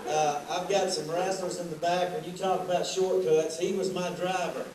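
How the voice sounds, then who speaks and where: A man's voice: high-pitched, little pitch movement, normal speed. A middle-aged man, an athletic director giving a rambling, joking roast speech full of anecdotes. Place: large banquet hall. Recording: echoey hall, distant and noisy.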